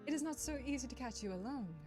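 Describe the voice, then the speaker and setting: A poised witch with a put-on French accent, voiced by a woman reading a game aloud speaks in a calm, formal, coolly polite way. Her menace sits under perfect manners. Game music plays clearly underneath. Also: high voice, fast talker, voice pushed up.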